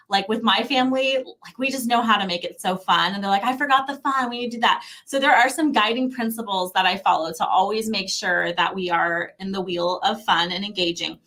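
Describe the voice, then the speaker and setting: A woman guest talking casually about teaching children a language, animated, often acting out the voices of parents and babies. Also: mid-range voice. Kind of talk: casual conversational advice.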